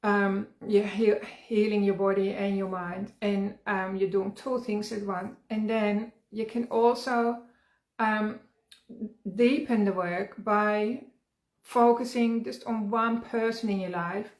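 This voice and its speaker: A middle-aged woman giving an earnest, encouraging self-help workshop talk as a wellness coach, often trailing off quietly. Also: mid-range voice, steady tone, slow. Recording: roomy echo.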